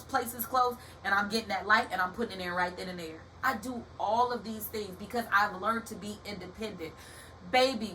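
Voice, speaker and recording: A young woman hosting a motivational podcast in a casual, animated way, calling her listeners baby and y'all, like a preacher. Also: mid-range voice. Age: young adult. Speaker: podcast host. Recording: distant from the mic with faint background hiss.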